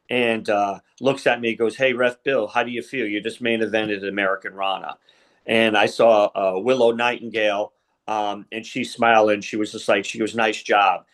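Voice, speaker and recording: A middle-aged man with a medium-pitched, fairly bright voice tells stories as a podcast guest. He works as a wrestling referee, and in this casual interview he rambles, using many fillers and retelling past conversations.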